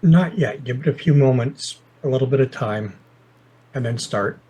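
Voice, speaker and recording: A man acting as game master for a tabletop roleplaying game. His voice is husky and breathy at a middle pitch, and he gives the players calm, measured advice. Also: rough recording.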